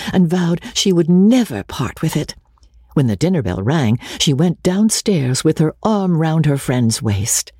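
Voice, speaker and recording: A narrator reading a classic novel aloud, expressive with ironic asides. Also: mid-range voice, husky, no echo, clean studio sound. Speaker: audiobook narrator.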